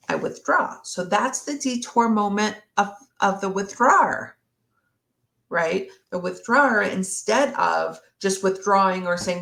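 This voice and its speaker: A woman therapist in a live Q&A, speaking slowly and reflectively, sometimes acting out what a partner might say. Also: mid-range voice, animated, gravelly, a bit bright. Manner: slow, reflective, acts out partner's words. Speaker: relationship therapist. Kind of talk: live Q&A discussion.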